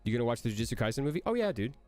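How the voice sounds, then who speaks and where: A man, a voice actor, answering chat questions on a casual livestream in an energetic, rambling way that jumps between jokes and praise. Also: medium pitch, very fast, soft background music.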